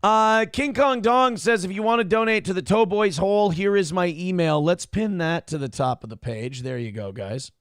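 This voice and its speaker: A man's voice: sits high, moderate pace, hardly any pauses, fairly bright tone, clear, resonant tone, no echo, clean studio sound. A man hosting a morning show, chatting casually, rambling and swearing as he thinks aloud. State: a little out of breath. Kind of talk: casual live-stream chat.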